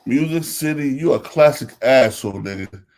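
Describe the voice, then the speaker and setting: A man's voice: mid-range voice, expressive, moderate pace, darkish tone. Host, man, New Jersey accent, emphatic casual monologue, lists names and repeats lines. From Elizabeth, New Jersey.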